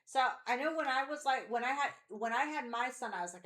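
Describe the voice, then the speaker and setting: A woman's voice: sits high, fast talker, a bit bright, echoey room. A woman in her forties on a podcast, telling personal stories in a rambling way, with lots of fillers and quoted voices. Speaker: podcast co-host. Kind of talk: candid personal conversation.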